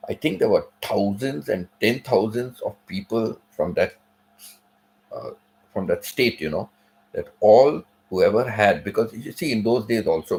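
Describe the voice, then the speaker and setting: Poor audio carries a man's fairly low, darkish voice as he hosts his channel. Talking casually, he drifts from point to point with many digressions, repeatedly saying "you know" and "right?"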